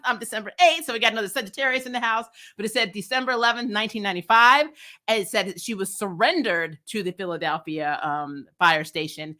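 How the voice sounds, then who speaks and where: A TV review vlogger with a mid-range, sharp-toned voice gives a casual spoiler rundown of an episode. She's outspoken and chatty, laughing often and swearing freely throughout.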